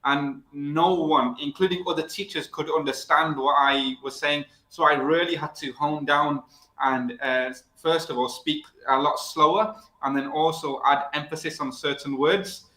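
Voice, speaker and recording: A man's voice: on the high side, fairly even intonation, a little slow, sharp tone, roomy sound, poor audio. A man from the north of England with a Manchester accent, an English teacher chatting casually. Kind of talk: casual chat on a video call.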